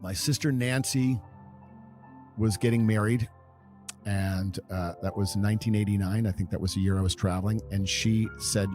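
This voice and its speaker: A man's voice: lowish voice, fairly even intonation, darkish tone, faint music behind. A man in his fifties from California, a podcast guest telling long, meandering stories from his past at an easy pace. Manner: unhurried, meandering storyteller. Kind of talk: reminiscing interview storytelling.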